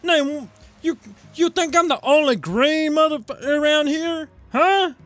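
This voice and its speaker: A man's voice: very high voice, measured pace, pitched above the performer's own voice. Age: adult. Figure: a man voicing a brash deadbeat frog with a Southern drawl. Quality: lispy, throaty. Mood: defiant. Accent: American Southern, put on. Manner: loud, swaggering and indignant. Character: deadbeat male frog puppet, brash and defensive.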